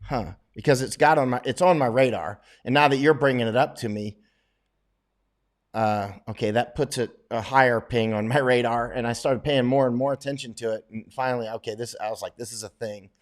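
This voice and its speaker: A man with a drawl hosting a casual livestream chat. His voice sits at a middling pitch, and he rambles and restarts his sentences often, with plenty of "uh" and "you know" as he answers viewers. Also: fairly even intonation, brisk. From United States. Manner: rambling, with many fillers and restarts.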